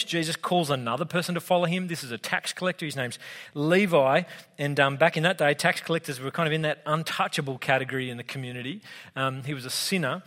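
An Australian man preaching a sermon in a relaxed, conversational way, with humorous asides, as a pastor with young kids. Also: a little high. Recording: long hall reverb.

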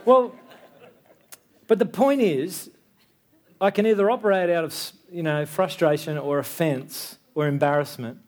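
A man's voice: fairly high pitch, a little mellow. A man in his thirties preaching a sermon in a church, talking in a conversational way and checking in with the listeners. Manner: conversational, tag questions like "yeah?". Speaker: pastor.

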